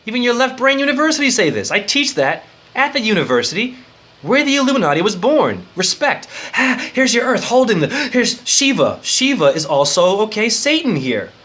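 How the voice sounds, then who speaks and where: A man giving an improvised esoteric lecture as a spiritual teacher, rambling, excitable and profane. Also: high-pitched, normal speed.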